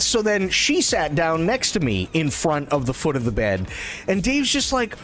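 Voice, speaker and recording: A man streaming a game live who tells a long, rambling story in casual, profane, animated chat and laughs at his own tales. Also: fairly high pitch, normal speed.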